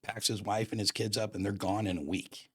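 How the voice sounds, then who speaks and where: A man hosting a podcast, telling a personal story in a casual, animated way with surfer slang. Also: fairly low pitch, brisk, breathy edge, dry recording, clean studio sound. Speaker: podcast host.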